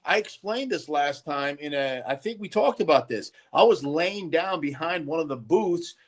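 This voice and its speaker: Middle-aged male podcast host, animated raconteur, slightly high voice. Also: normal speed. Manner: animated storytelling, heavy swearing. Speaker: podcast co-host, former bodybuilder. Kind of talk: casual chat.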